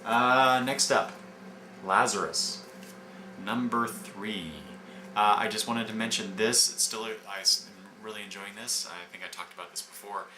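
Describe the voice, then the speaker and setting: Male reviewer, low voice, loose and rambling delivery; roomy echo, audible background noise. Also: fairly even intonation, unhurried, bright, forceful tone. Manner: rambling, many fillers and restarts. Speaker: comic book reviewer. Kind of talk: casual review, retelling scenes. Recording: echoey room with background noise.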